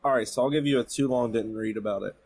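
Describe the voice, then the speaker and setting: A man co-hosting a casual podcast, recapping events in a relaxed way with frequent fillers. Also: medium pitch, quick pace, slightly rough, dry recording. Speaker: podcast co-host. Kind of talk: casual chat.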